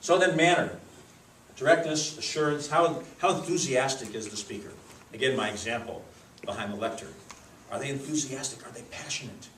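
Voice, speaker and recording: A man leading a speech contest judges' training, teaching in a lively, demonstrative way with acted examples in a club meeting room. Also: medium pitch, a little fast, a little hiss or hum. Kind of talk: workshop lesson. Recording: echoey room, mic far off.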